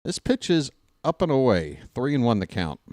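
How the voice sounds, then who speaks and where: A man calling a game as a live fan play-by-play host in a casual, jokey way, jumping from shouted calls to mutters. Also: medium pitch, big pitch swings, normal speed, dry recording, clean studio sound.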